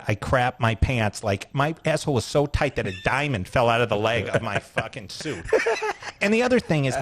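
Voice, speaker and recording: Profane, animated male storyteller. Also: mid-range voice. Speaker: interview guest, retired sports car driver. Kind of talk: casual storytelling interview.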